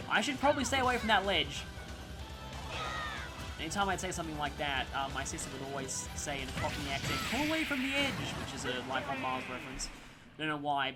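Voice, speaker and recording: A gameplay commentator talking casually over a let's-play, rambling through gaming trivia and side stories. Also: mid-range voice. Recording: game music playing under voice. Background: game music.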